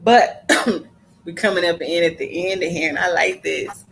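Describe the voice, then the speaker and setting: A woman's voice: on the low side, a little slow, creaky, a little hiss or hum, rough recording. A woman hosting a casual podcast, talking emphatically and repeating her points for stress. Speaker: podcast host.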